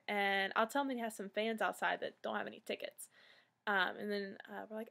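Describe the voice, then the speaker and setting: A woman's voice: mid-range voice, steady tone, moderate pace, creaky, sharp tone. A young woman, telling a story in a chatty vlog style full of fillers. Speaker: vlogger. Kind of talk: casual storytelling.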